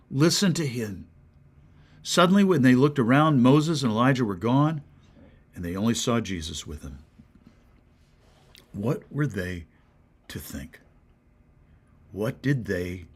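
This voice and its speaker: An American-accented pastor gives a brief devotional sermon at medium pitch. He sounds earnest and questioning, now and then dropping into a soft whisper.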